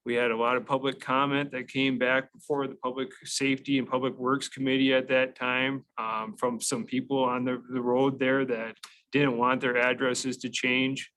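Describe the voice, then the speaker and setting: A man's voice: medium pitch, little pitch movement, normal speed, fairly bright tone, poor audio. Methodical man explaining at a meeting. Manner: methodical, many fillers and restarts. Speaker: county staff presenting to a committee.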